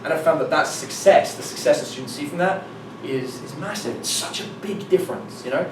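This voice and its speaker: A man giving a live seminar talk as a dating coach, telling anecdotes in an animated way, acting out dialogue and swearing casually. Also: a little high, fairly quick, background noise. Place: meeting room with an audience. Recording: echoey room from a distance, faint ambience.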